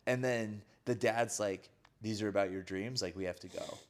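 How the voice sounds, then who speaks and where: A man's voice: lowish voice, normal speed. A man co-hosting a podcast, casually retelling a film plot and acting out the characters' lines. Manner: animated storyteller acting out quoted lines, frequent "like". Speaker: podcast co-host.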